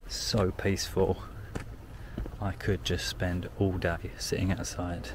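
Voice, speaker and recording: A young man talks casually as he walks, filling his chatter with "like" and amused asides. His voice sits fairly low. Wind and passing cars come through loudly behind him. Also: fairly even intonation, measured pace. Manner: chatty, amused commentary with frequent "like". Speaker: walking vlogger. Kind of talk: casual outdoor walking vlog. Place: outdoors, countryside fields and villages. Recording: outdoor noise, wind and passing traffic.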